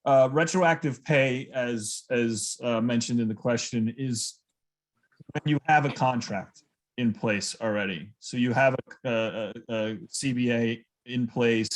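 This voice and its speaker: A man on a negotiating team answering a member's question, halting and repeating small words as he starts. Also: medium pitch, low-quality recording.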